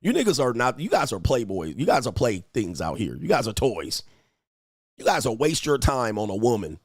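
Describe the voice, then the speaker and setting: Brash male coach on a livestream, lively swooping pitch, dry close sound. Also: moderate pace, husky, no echo. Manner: brash, mocking, profane, often laughing. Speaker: dating and lifestyle coach, livestream host. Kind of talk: unscripted livestream commentary.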